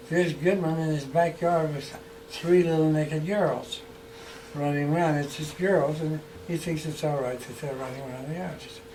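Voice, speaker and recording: Guy telling funny old stories, kinda high voice, sounds a little far from the mic, faint hiss behind. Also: vocal fry. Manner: chuckling, animated storyteller acting out quotes. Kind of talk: casual anecdotal storytelling. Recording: distant mic with faint background noise.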